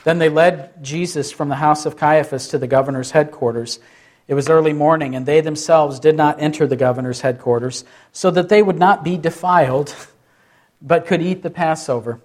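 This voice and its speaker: Man preaching a sermon, fairly high voice. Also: moderate pace, darkish tone. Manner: asks questions and acts out short quotes. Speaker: pastor.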